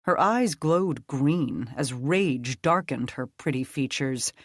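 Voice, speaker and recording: An audiobook narrator reading a dark fantasy story in a steady, measured way. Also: mid-range voice, no room sound, studio quality.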